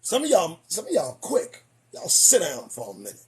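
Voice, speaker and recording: A man hosting a podcast, losing his voice, delivering an emphatic, preachy commentary monologue that swings between loud declarations and muttered asides. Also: a little high, wildly swooping pitch, moderate pace. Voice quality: husky. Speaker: podcast host.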